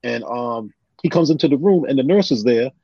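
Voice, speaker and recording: A man telling personal stories on a podcast in an animated, casual way, often acting out what others said. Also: medium pitch, brisk, breathy edge, no room sound. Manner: animated, retells scenes with quoted voices. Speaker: guest. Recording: dull lo-fi sound.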